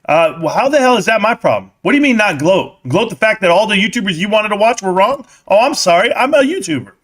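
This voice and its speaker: Male streamer, high bright voice, brash mocking rant to live chat. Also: expressive, fast. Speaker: stock market live streamer.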